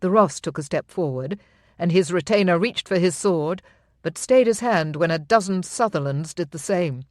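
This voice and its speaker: An audiobook narrator reading a historical romance in an even, steady storytelling manner. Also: mid-range voice, normal speed, no echo, studio quality.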